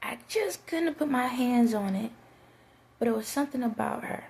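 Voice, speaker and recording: A woman vlogger tells her audience a winding, rambling story at a moderate pace, loosely drifting between her own account and quoted dialogue. Her voice is a little high yet mellow and dark, with a gravelly edge and lively intonation.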